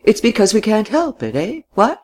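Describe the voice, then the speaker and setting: Man doing an old gentleman, elderly, babbling, high quavering voice, storybook. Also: wildly swooping pitch, normal speed, full character voice. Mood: musing. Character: fussy, rambling old gentleman.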